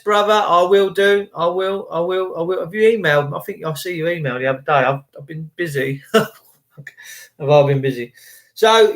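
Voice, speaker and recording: Rambling man with a high voice. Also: a bit bright. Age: 50s. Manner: rambling, preachy, indignant. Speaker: vlogger on a livestream. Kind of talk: casual ranting monologue.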